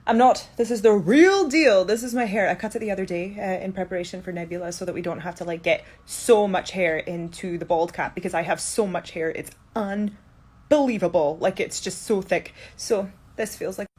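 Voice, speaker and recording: A woman with a Scottish accent answers fan questions in a loose, chatty way. She sounds half asleep and low on energy, like a bedtime chat. She is talking from inside a room. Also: fairly quick, hardly any pauses, a little mellow, slightly rough. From Scotland. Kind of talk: casual Q&A chat. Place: indoor room during quarantine.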